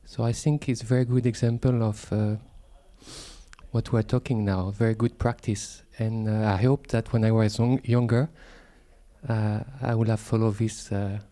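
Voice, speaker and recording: French-accented monk, mellow and dark tone, hesitant and polite. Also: male voice, on the low side, level tone, normal speed. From France. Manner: hesitant, polite, many fillers. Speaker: monk asking a question. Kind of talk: discussion question.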